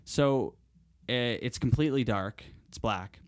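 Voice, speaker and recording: A man's voice: fairly low pitch, normal speed, dry recording. A young adult man on a podcast, telling a camping story in a rambling way with many restarts. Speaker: podcast co-host. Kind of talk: casual chat.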